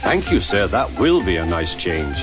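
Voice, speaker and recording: A man voicing a gentle, polite male steam engine in a children's storybook. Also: sits low, big pitch swings, normal speed. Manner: polite and mild. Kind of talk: storybook narration with character voices. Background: background music.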